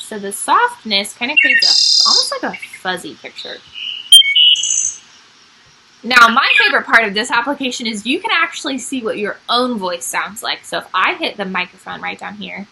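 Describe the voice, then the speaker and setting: A woman's voice: on the high side, big pitch swings, normal speed, vocal fry, heavy background noise. A woman music teacher giving a recorded online lesson to young children, upbeat and explaining step by step.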